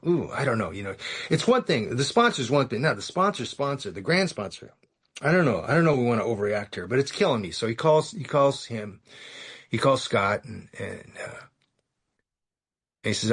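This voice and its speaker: A man from California giving a self-mocking, sarcastic storytelling share at a recovery meeting, acting out the other people in his story. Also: medium pitch. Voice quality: gravelly, husky.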